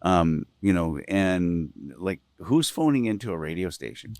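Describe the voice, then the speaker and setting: A man hosting a podcast, asking questions and reacting with quick interjections. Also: sits low, expressive, a little mellow, dry recording. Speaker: podcast host. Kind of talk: casual interview chat.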